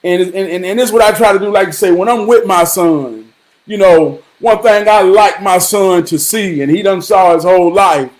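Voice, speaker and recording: This vlogger has a high-pitched voice and talks at a normal speed. He tells his viewers a story casually, rambling, repeating himself and cursing, and now and then drifts into preachy advice.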